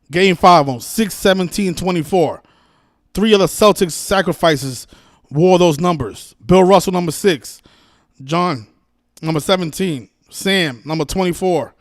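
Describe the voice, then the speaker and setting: A man's voice: high-pitched, no echo. Exasperated man ranting, dry close sound. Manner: exasperated, profane, scolding; repeats and restarts words. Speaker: livestream host. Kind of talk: ranting livestream monologue.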